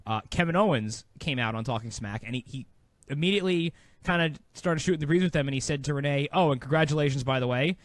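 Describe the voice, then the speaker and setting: A man co-hosting a wrestling podcast in casual chat, a quick storyteller who recaps things with amused asides. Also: fairly high pitch, no echo. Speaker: podcast co-host.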